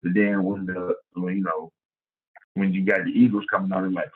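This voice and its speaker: A man with a lowish voice gives a coaching clinic talk, lively and conversational, repeating phrases as he builds his points. The sound is thin and tinny, like a phone line. He talks like a football coach addressing other coaches. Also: moderate pace. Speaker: high school football coach.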